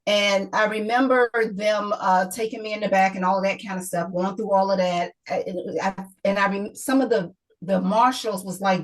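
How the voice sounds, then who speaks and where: A woman's voice: mid-range voice, poor audio. A middle-aged woman, a guest author, telling an emotional personal story in an interview, often repeating herself and quoting others.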